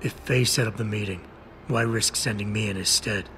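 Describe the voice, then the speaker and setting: A man's voice: lowish voice, steady tone, moderate pace, sharp tone, a little hiss or hum. An actor voicing a male cyborg security agent in a video game, who asks terse, skeptical questions. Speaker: game character.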